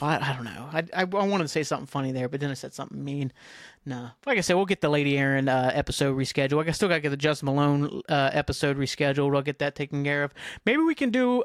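A man's voice: a little high, fairly bright tone, dry recording, studio quality. Rambling, profane male podcast host. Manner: self-deprecating, profane, scattered. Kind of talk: rambling solo podcast chat.

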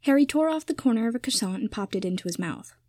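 Fairly high-voiced woman reading aloud. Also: expressive, fast talker, dark tone, no room sound. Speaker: fan fiction reader. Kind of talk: story reading.

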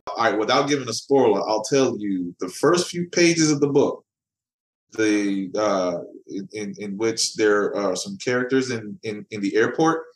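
A man's voice: fairly low pitch, expressive, unhurried. A man, a comic book writer, chatting casually as a podcast guest and often repeating words as he finds his thought. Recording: echoey room.

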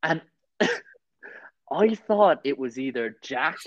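A man's voice: on the high side, very slow, no room sound, lo-fi sound. Man, young, casual podcast chat, laughs through stories, dry close sound. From Ireland. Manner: laughing storyteller, animated when quoting people.

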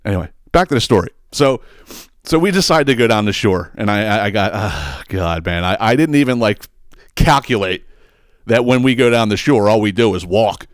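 Male podcast host, animated and foul-mouthed, dry close mic. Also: fairly low pitch, moderate pace, dry recording. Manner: profane, rambling, animated. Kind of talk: casual storytelling.

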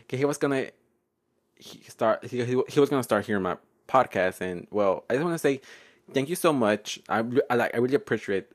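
Young guy w/ rambling on his podcast, giggly, voice jumps all over. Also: medium pitch. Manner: playful, giggly, code-switching, often loud and laughing. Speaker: podcast host. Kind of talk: casual solo podcast storytelling.

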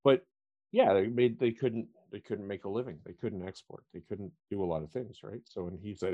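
A man's voice: lowish voice, a little fast, phone-quality sound. A man co-hosting a casual podcast, blunt and swearing freely. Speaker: podcast co-host. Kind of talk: casual history chat.

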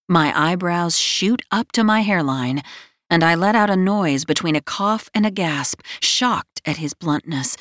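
A woman's voice: on the low side, lively intonation, a little slow, a bit bright, no echo. A woman narrating a first-person romance audiobook in a wry, self-mocking storytelling manner, close to the mic.

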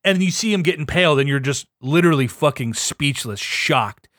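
A man co-hosting a podcast in casual chat, animated and swearing, acting out his reactions. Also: fairly high pitch, normal speed, no echo, clean studio sound. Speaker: podcast co-host.

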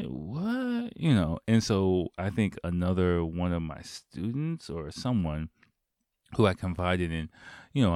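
A man with a very low voice talks through a loose, rambling monologue as host of his own show. He fills his sentences with "um" and "like" and swears offhandedly. The sound is close and dry, with no room around it. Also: a little mellow, dry recording. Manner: rambling, filler-heavy, swears casually. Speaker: podcast host. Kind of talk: casual storytelling monologue.

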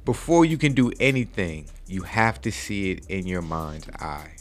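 This forties-aged podcast host has a low voice with big pitch swings and a moderate pace. In a casual podcast chat he gives a preachy motivational talk, frequently asking "okay?".

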